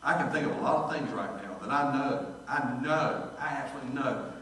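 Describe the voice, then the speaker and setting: A man, a pastor preaching a sermon and telling folksy stories, quoting the people in them with lively voices. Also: mid-range voice, a little fast, a little hiss or hum. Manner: folksy storytelling, animated quoting of others. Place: church sanctuary. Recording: distant echoey church recording.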